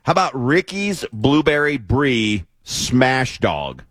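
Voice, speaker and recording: A man hosting a radio talk show, chatting casually in an animated, playfully skeptical way. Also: medium pitch, slow, no room sound, studio quality. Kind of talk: casual on-air banter.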